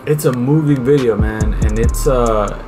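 A man's voice: mid-range voice, unhurried, low-quality recording. Earnest podcast co-host man, music behind. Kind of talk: casual podcast chat.

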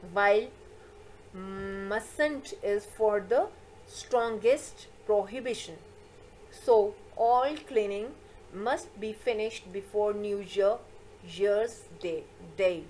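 A mid-pitched woman teaches a recorded English grammar lesson. She explains patiently and repeats key points, filling pauses with "uh". A faint hiss sits behind her voice. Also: darkish tone, low-quality recording. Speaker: school teacher.

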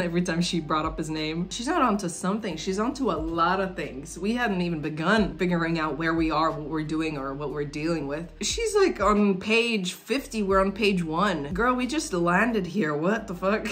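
A young woman chatting casually and excitably as she reacts to an anime episode, laughing often. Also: deep voice. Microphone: phone.

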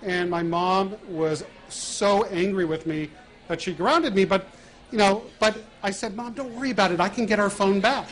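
A middle-aged man telling stories to an audience in an animated way, laughing now and then as he talks while walking around with a wireless mic. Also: high voice. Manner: animated, laughing at his own prank stories. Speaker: author giving a talk. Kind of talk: storytelling talk to an audience.

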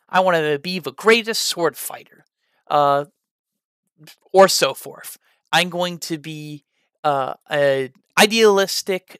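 A man's voice: on the high side, a bit bright, no echo, clean studio sound. A man giving casual advice on building role-play characters, rambling with frequent "uh" fillers and trying out voices as he explains. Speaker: tabletop role-play tutorial host.

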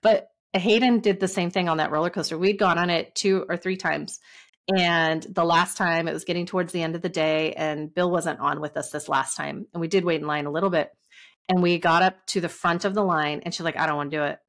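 Woman cohost, kinda low voice, expressive, lots of oh my god reactions. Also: a little fast. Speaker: podcast co-host. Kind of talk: casual chat.

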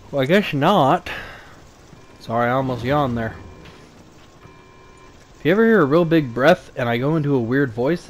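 A man giving a relaxed let's play commentary, thinking aloud in a flat, low-key way and often repeating small words. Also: a little hiss or hum. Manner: low-key, flat delivery despite interest. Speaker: gaming channel host.

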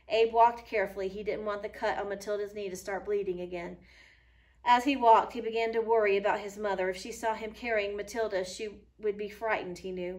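A woman teacher reading a children's book aloud to a class, clear and patient, stopping now and then to comment. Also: medium pitch, fairly even intonation, brisk. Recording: voice a little far from the mic.

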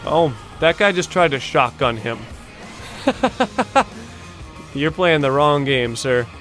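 A young man hosting a video-game montage reaction, talking casually, swearing often and bursting out in excited disbelief. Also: mid-range voice, normal speed, faint music behind. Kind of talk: casual gaming reaction commentary.

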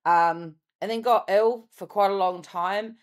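A woman's voice: mid-range voice, unhurried. A woman with a New Zealand accent, chatting as a podcast guest in a loose, rambling way, laughing easily. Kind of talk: casual interview chat.

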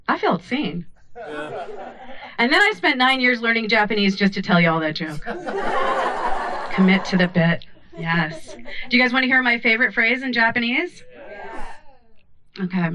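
A woman's voice: on the high side, moderate pace, long pauses. A woman performing a stand-up comedy set on a club stage, telling stories animatedly into a handheld mic. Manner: animated storytelling with many voices.

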